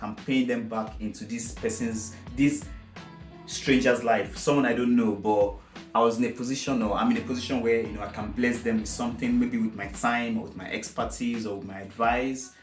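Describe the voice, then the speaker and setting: A man's voice: fairly low pitch, fairly even intonation, normal speed. A man vlogging casually about his own life, emotional and reflective, wandering off on tangents as he talks. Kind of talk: casual personal storytelling. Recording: roomy echo with faint guitar music.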